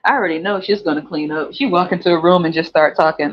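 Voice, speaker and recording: Animated, swearing podcast host, lots of laughing. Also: quick pace, few pauses. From West Coast of the US. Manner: animated, profane, laughs often, swings up in pitch. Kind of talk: casual chat, monologue. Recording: slightly muffled, faint music.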